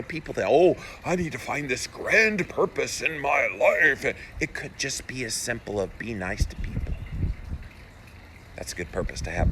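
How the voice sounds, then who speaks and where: A male health-show host talks alone to his live audience in an earnest, encouraging, slightly preachy way. His voice sits low, but it comes across bright and forceful. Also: a little hiss or hum. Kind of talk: solo live-stream talk, reading viewer comments.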